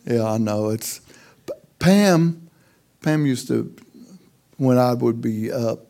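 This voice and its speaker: Folksy gravelly Texan man preaching. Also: medium pitch, takes it slowly, mellow. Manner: folksy, self-deprecating, humorous. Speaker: pastor. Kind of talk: sermon storytelling.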